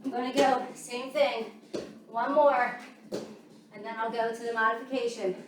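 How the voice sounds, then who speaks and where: A woman's voice: on the high side, little pitch movement, a little slow, background noise. A woman fitness instructor coaching a workout while doing it herself, out of breath, counting down and calling out moves. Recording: echoey room, voice from far off, music playing.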